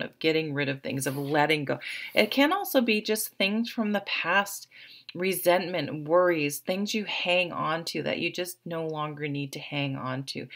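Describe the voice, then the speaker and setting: Gravelly and low-pitched, with a fairly bright tone, a tarot reader chats to camera in a relaxed, supportive reading for her viewers. Fillers crop up often.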